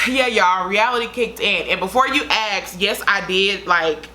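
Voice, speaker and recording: A woman's voice: mid-range voice, animated, takes it slowly, bright, forceful tone, slight background noise. A young woman vlogger telling a story to her viewers in a chatty, dramatic way. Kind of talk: casual storytime vlog.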